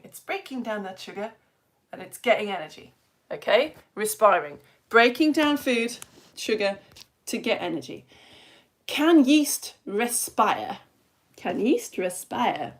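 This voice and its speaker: A woman with a Yorkshire accent, a science teacher giving a lively live lesson for children, chatty and quizzing her audience. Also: on the high side. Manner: chatty and energetic, asks the audience questions.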